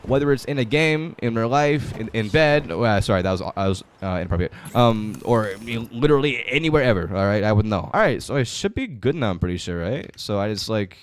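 Young man, let's-play commentary, profane, jokey, animated pitch, clear smooth tone. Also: fairly quick, hardly any pauses. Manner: profane, jokey, swings from mumbling to yelling. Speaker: gaming YouTuber.

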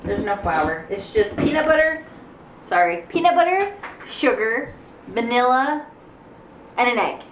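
A woman's voice: on the high side, very animated, unhurried, pauses often, recorded from a distance. A young woman chatting casually in her home kitchen in a family vlog, sounding off-mic. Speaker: vlogger mom. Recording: roomy kitchen audio, off-mic, noisy.

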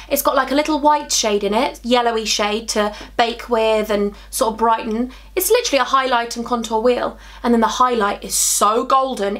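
A young woman giving a bubbly, chatty makeup tutorial, excitable and candid with her viewers. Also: on the high side. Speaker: beauty vlogger.

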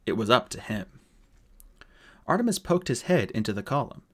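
A man narrating an audiobook with a lively, expressive reading. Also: mid-range voice, moderate pace.

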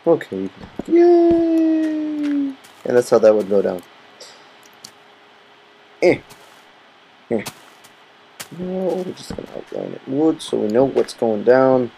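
Male gamer, casual goofy commentary, mellow tone, animated delivery. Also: mid-range voice, unhurried, gravelly, long pauses, poor audio. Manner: rambling, goofy, talks to himself. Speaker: Minecraft let's player. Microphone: computer's built-in mic, not headset. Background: computer fan hum.

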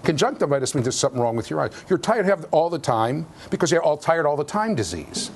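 A man giving a university lecture in an animated, jokey way, with sudden loud outbursts. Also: on the high side, quick pace, husky. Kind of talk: classroom lecture. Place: lecture hall.

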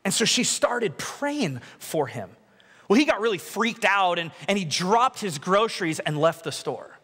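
A young adult man, a pastor, preaching a sermon in a large church, telling stories with lively asides and quoted voices. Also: high-pitched, a little slow, slightly rough, in a large hall. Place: large church worship center.

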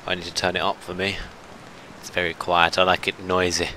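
A man giving chatty, self-mocking let's play commentary, shouting orders at his ships when excited. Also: sits low, fairly quick, noisy background. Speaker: gameplay commentator.

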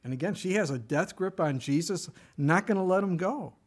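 A middle-aged man preaching a sermon in a casual, conversational way, telling the story with lively emphasis and dropping to a whisper for quoted words. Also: high-pitched, moderate pace, breathy edge. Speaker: pastor.

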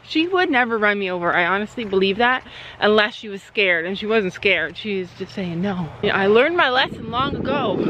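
A woman's voice: medium pitch, very animated, moderate pace, fairly bright tone, highs cut off, a little hiss or hum. A woman vlogging outdoors in a paddock, coaxing and chatting to her horse. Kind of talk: casual vlog talk while handling a horse.

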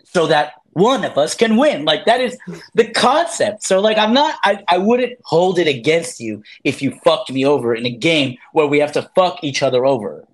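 A man's voice: a little high, lively intonation, moderate pace. A man in his thirties, an interview guest, talking in a rambling, profane way, full of fillers and acted-out quotes. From raised by immigrant parents. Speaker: interview guest, former reality show contestant. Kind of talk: casual interview chat.

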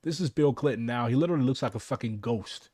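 A young man from Missouri giving casual livestream commentary, ranting in a profane, animated way. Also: medium pitch, fast talker, no room sound, studio quality. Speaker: streamer.

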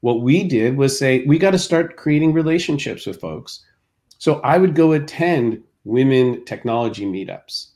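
Man, company co-founder as guest, mid-pitched, thoughtful and explanatory. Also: lively intonation, normal speed, a little mellow. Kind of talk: casual interview.

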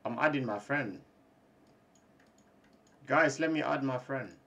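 A man streaming a mobile game live, loudly taunting other players and laughing, then muttering quietly to himself. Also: mid-range voice, takes it slowly, gravelly, dull audio. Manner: loud taunting trash talk with laughter, then quiet mumbling. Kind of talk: live gaming stream chat.

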